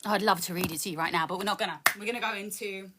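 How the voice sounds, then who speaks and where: A British woman performs intense spoken word and rap live on her phone, her medium-pitched voice steady and rapid-fire against background noise. She swears and moves back and forth between verses and chatting.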